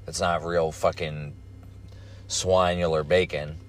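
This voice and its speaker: A young man with a somewhat low voice tells a casual story. He rambles loosely from one point to the next, and his speech is blunt and profane throughout. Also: level tone, slow pace.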